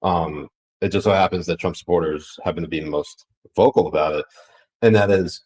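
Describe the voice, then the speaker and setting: Deep-voiced, profane podcast host. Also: male voice, fairly quick, a little mellow, poor audio. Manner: blunt and profane, rambling with restarts. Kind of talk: casual political podcast chat.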